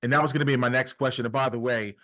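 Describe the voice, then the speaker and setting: Male podcast host, casual interviewer, rambling questions, mid-pitched voice. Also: fairly even intonation, rapid-fire, a bit bright. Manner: rambling questions full of fillers.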